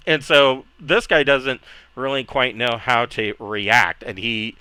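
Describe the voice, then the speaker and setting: A man's voice: medium pitch, fairly even intonation, slow pace, pushed and bright, smooth, no echo. A man narrating as game master in a casual, rambling way, full of restarts. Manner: casual, many fillers and restarts, laughs easily.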